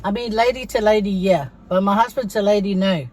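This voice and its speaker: A woman's voice: mid-range voice, brisk, a little mellow. Chatty woman vlogger. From Samoa. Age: middle-aged. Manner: chatty storytelling, addresses viewers as guys. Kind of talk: casual mukbang chat to viewers.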